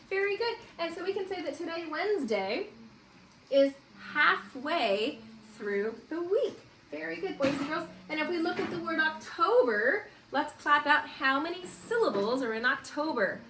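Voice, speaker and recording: A woman teacher leading a distance-learning morning meeting for young children, in a slow, sing-song, encouraging voice. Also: high voice, expressive. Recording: echoey room with faint hiss.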